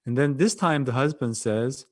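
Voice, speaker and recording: Speaking over a video call, a monk with a Korean accent and a mid-range voice offers a dharma talk. His delivery is gentle and halting, and he frequently repeats himself.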